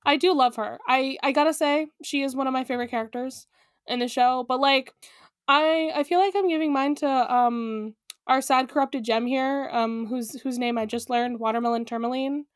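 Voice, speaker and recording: A woman's voice: sits high, fairly even intonation, normal speed, no room sound, clean studio sound. A woman co-hosting a podcast episode recap in casual, giggly chat full of fillers. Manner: chatty, giggly, lots of fillers. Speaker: podcast co-host.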